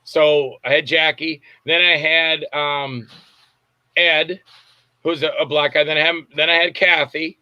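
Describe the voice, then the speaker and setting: A man's voice: a little high, little pitch movement, a little slow, sharp tone, clean tone, dry recording, dull audio. A man, a film director, being interviewed and telling long, rambling stories, often stopping to search for names. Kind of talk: casual interview storytelling. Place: lives in Tampa.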